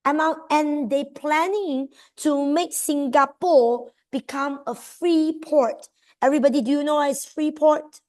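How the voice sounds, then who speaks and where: A woman with a Malaysian English accent, teaching a history exam seminar in an animated, coaxing way. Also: sits high, moderate pace. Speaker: history tutor.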